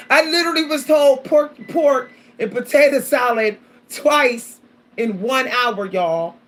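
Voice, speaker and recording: A woman's voice: sits high, a little slow. A woman vlogger talking casually and animatedly to her viewers, often repeating herself, calling out to them and laughing between points. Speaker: spiritual vlogger.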